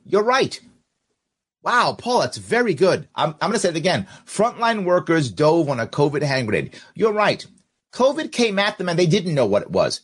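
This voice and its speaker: A man hosting a political commentary podcast, his voice a bit higher than most men's. He talks right to his viewers and swings his pitch up and down a lot while he reads out their comments. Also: a bit bright, slightly rough. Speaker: podcast host.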